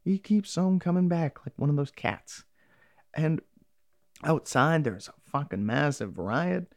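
Gravelly, animated man ranting a recap. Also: on the high side, a little slow, dry recording, clean studio sound. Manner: rambling, heavy swearing, acts out quotes. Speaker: TV episode recapper. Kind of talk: casual profane recap.

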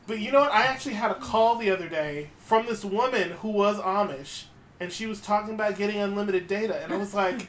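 A man's voice: high-pitched, brisk, a little hiss or hum. A man co-hosting a podcast who tells stories with animation and acts out the people he talks about. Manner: animated storyteller, acts out callers. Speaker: podcast co-host. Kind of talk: casual chat. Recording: roomy echo.

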